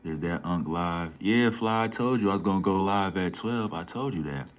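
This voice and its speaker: A man's voice: low voice, normal speed. A young man from Minnesota chatting casually on a livestream, reading viewer comments and answering them in laid-back slangy banter.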